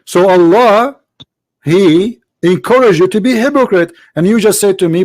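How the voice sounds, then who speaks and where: Insistent debating host with a higher voice. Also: male voice, brisk, darkish tone. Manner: argumentative, insistent, repeats points for emphasis. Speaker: host of a live call-in religious debate show. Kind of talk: live call-in debate.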